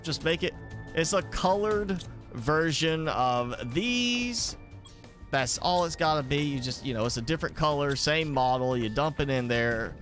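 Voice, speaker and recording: A man's voice: a little high, a bit bright. A man with a mild Southern American accent, chatting casually while streaming a game, thinking aloud with lots of fillers. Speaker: gaming streamer. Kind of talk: casual live gameplay commentary.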